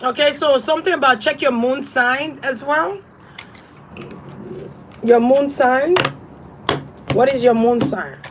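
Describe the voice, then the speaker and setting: Woman tarot reader, casual and blunt, swears freely, slightly high voice. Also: slow pace, pauses often, slight background noise, low-quality recording. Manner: blunt, profane, emphatic. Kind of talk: casual spiritual advice.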